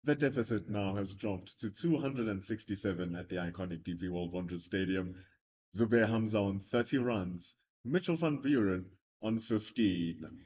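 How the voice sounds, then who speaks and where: A man calling live cricket play, lively and playful between the deliveries. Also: on the low side, moderate pace, slightly rough. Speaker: cricket commentator. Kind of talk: live sports commentary. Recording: lo-fi broadcast sound.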